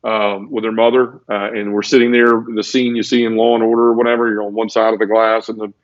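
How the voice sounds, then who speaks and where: Dull, lo-fi podcast audio without echo captures a man talking fast in a low-leaning, level voice. A podcast guest, he tells his personal testimony emotionally and repetitively while acting out sound effects.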